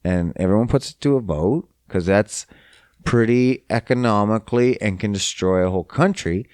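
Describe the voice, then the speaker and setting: A man's voice: fairly low pitch, a little mellow, no room sound, clean studio sound. A young man from Canada hosting a podcast, ranting in a profane, exasperated and mocking way. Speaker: podcast host. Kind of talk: casual solo rant.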